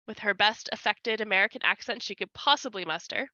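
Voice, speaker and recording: A woman player narrating a scene in a tabletop game, slow and deliberate. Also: medium pitch, pushed and bright, no echo. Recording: dull lo-fi recording.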